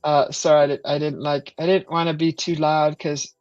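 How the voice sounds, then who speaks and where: A woman hosting a casual live stream, chatting with viewers, hesitant with many fillers and thanking viewers with excited whoops. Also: low-pitched, moderate pace, dry recording, highs cut off.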